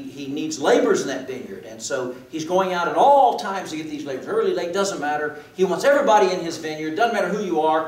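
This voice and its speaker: A man preaches a sermon in a church and often hesitates as he explains. His voice sits somewhat high. The room echoes, and he is some distance from the microphone. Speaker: pastor. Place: church sanctuary.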